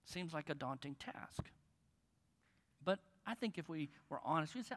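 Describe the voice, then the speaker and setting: Man, pastor, high bright voice, casual joking sermon to a church crowd. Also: lively intonation, normal speed, long reverb tail. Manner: conversational, joking with the congregation. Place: church in front of a congregation.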